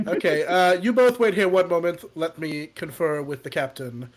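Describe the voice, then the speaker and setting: A man playing a tabletop game, talking briskly and acting businesslike in character. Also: a little high, crowd noise. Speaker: player.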